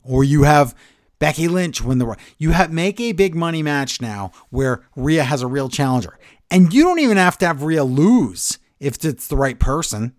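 Sarcastic man recapping wrestling with lively pitch. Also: moderate pace, no echo, studio quality. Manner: sarcastic, animated recapping with quoted voices. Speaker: podcast co-host. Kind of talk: casual wrestling recap chat.

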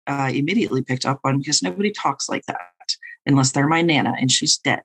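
A woman's voice: low voice, a little fast, husky, rough recording. Profane, wry woman telling a story. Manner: profane, wry, laughing through her stories. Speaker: podcast co-host and tarot reader. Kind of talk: casual storytelling chat.

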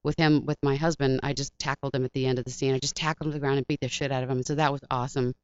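Woman guest, voice actress, rapid animated storyteller, smooth crisp voice, dull lo-fi sound. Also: rumbling low, no echo. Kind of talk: casual interview chat.

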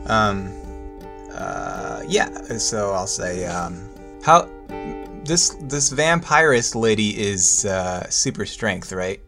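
A man's voice: fairly low pitch, wildly swooping pitch, slow pace, creaky, music in the background. A man playing a tabletop game, joking and firing off questions. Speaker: player. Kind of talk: casual tabletop play.

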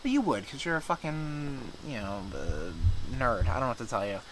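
A man's voice: mid-range voice, big pitch swings, moderate pace, a crowd in the background, low-quality recording. A man co-hosting a podcast, chatting casually and profanely about gaming news with loose banter. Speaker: podcast co-host.

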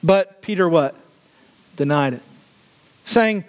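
A man's voice: a little high, expressive, moderate pace, in a large hall. A man preaching a sermon, asking the congregation questions and often laughing. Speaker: pastor.

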